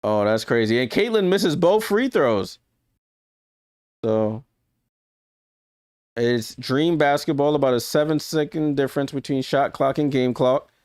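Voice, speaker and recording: A man talks through a live game in a smooth, clean voice, calling plays in a loose, conversational way. His sound is dry and close, with no room around it. He often catches his own slips and fixes them on the fly. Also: mid-range voice, expressive, unhurried, long pauses, darkish tone, dry recording. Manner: chatty, corrects himself often and laughs at his own slips. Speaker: live stream watch-along commentator. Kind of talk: casual live play-by-play commentary.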